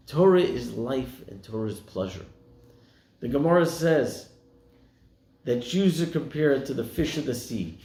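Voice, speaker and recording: Storytelling rabbi with a gravelly voice. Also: male voice, animated, a little slow, long pauses, mellow. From United States. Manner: storytelling, voicing quoted people with rising pitch. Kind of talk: sermon. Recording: echoey room.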